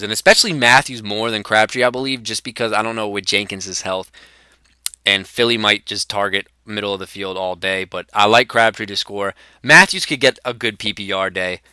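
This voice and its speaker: A young man hosts a comedy sports show in a casual, rambling voice with fillers. His voice sits a little low and sounds bright and clear. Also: no echo. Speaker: host.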